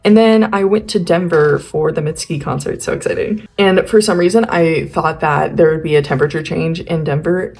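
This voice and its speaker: A woman's voice: low-pitched, normal speed, vocal fry, few pauses, darkish tone. A young woman gushing over her old sketchbooks in rambling, giddy casual chat, her voice a little worn. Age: young adult. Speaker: artist flipping through sketchbooks. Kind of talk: casual commentary.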